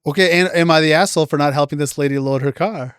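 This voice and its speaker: A man's voice: a little high, quick pace, fairly bright tone, clean tone, no room sound, clean studio sound. A man co-hosting a podcast, chatting casually with rambling, jokey asides. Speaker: podcast co-host. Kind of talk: casual chat.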